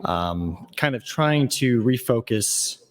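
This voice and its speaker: Slow, reflective man giving a floor speech. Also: mid-range voice, expressive. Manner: slow, reflective, searching for words. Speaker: state senator. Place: legislative chamber.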